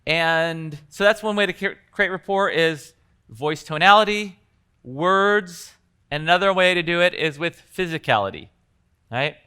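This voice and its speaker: Guy coaching trainer talking to a room, bright crisp voice, chatty and acting stuff out. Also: high voice, unhurried. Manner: conversational, acts out example dialogues. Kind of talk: teaching a live workshop to coaches.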